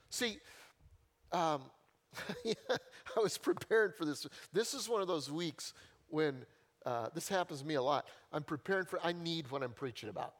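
A man's voice: fairly high pitch, animated, a little slow, pauses often. A male pastor preaching a sermon in a conversational, storytelling way, with self-deprecating humor and key phrases repeated for emphasis.

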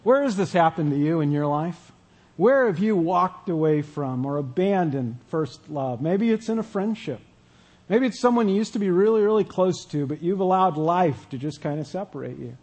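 A male pastor preaching a sermon in a relaxed, conversational way, often asking the audience questions. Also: on the high side, normal speed.

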